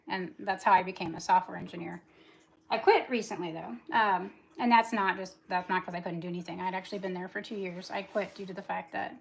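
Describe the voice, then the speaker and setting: A woman's voice: on the low side, vocal fry. A talkative woman in her forties, rambling through a casual livestream chat while she does dishes and cleans. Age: 40s. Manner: talkative, rambling, fast-talking. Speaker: livestream host.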